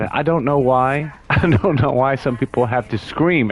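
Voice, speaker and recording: A man from the United States chatting loosely while streaming a game, rambling, restarting sentences and chuckling now and then. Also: mid-range voice. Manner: slow, drawn-out delivery. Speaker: gaming livestreamer. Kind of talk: casual livestream chatter.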